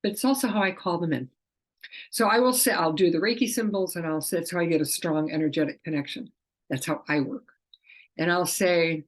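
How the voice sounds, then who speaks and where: Woman, middle-aged, slightly low voice, chatty explainer, acts out quotes. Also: fairly quick, husky. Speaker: animal communicator and teacher. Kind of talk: casual explanation to camera.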